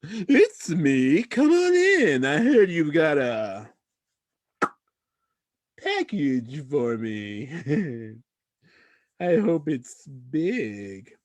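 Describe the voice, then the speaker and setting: A man's voice: a little high, big pitch swings, extremely slow, long pauses, darkish tone, no room sound, voice pushed up, exaggerated voice. A man voicing a creepy, leering underground boss with a sleazy, suggestive manner, in an improvised comedy bit. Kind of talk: improvised comedy role-play.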